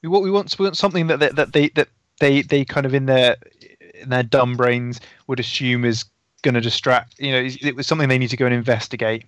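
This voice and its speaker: A man talking through plans in a tabletop game, stumbling and repeating words as he thinks. The sound is dry and close, with no room echo. His pitch sits in an everyday middle range. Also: quick pace, fairly bright tone. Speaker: player. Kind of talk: casual tabletop game chat.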